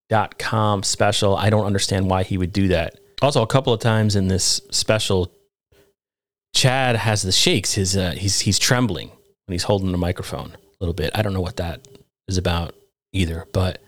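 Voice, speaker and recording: Rambling man ranting about comedy. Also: no echo. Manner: rambling, climbs into incredulous high-pitched rants. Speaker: podcast host reviewing comedy. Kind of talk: casual podcast commentary.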